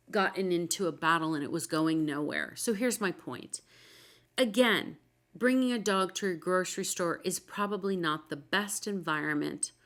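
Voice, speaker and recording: A woman with a slightly low voice talks casually as the host of a show about dogs. She chats through stories and acts out what other people said. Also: fairly bright tone. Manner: chatty, anecdotal, acts out quoted people. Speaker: podcast host, dog expert. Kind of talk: casual solo talk.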